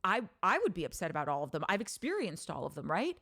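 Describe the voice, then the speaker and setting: A woman hosting a podcast, talking in a candid, animated monologue, telling stories with frequent swearing and restarts. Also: lowish voice, quick pace, gravelly. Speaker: podcast host. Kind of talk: casual monologue.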